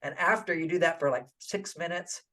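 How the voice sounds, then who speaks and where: An older man giving relationship advice in an interview, animated and acting out little quoted dialogues. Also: fairly high pitch, fairly quick. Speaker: relationship author and guest.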